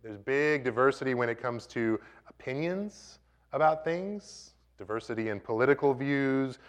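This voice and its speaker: A man's voice: medium pitch, expressive, normal speed. A man in his thirties preaching a conversational sermon, joking with the congregation.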